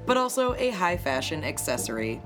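A dry, sarcastic woman co-host speaks in a lower voice, tossing off jokes. Her speech is a little changed by new braces. Faint music sits behind her. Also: sing-song, moderate pace. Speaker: podcast co-host. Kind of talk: casual chat.

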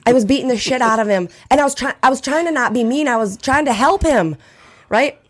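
A woman in her thirties, a podcast guest, telling a story in casual chat, animated and laughing as she acts out scenes. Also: sits high, fairly quick.

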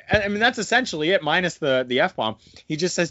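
A man with a slightly high voice talks through a wrestling episode in a loose, animated way. The sound is close and dry, with no room around it. The mic is dull and a little lo-fi. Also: fast, no echo. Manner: animated, breaks into excited mimicry. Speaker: podcast co-host. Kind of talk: casual wrestling recap chat.

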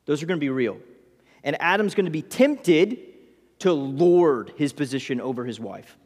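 A man preaching a sermon as pastor, telling the story in a lively way and acting out the people in it. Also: on the high side, normal speed. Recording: reverberant hall.

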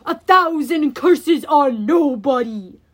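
A woman voicing a huge, brutish male Cyclops who drags out slow growling threats and sobbing pleas. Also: high-pitched, animated. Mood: menacing gloat.

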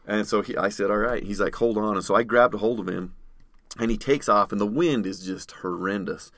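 Male guest storyteller, lower register, dry close mic, animated retelling. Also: fairly quick, dry recording. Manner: vivid storyteller, acts out others' shouting. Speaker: podcast guest. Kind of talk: storytelling in conversation.

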